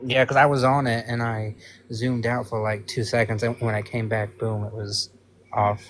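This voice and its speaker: Male guest caller, relaxed and sympathetic, casual with fillers. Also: mid-range voice, normal speed, a little hiss or hum. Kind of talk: casual call-in chat.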